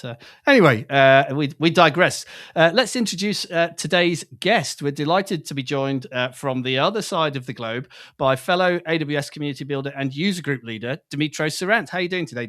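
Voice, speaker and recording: A British man hosting a tech podcast in casual chat, relaxed and full of fillers. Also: medium pitch, quick pace, hardly any pauses. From Britain. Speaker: podcast host.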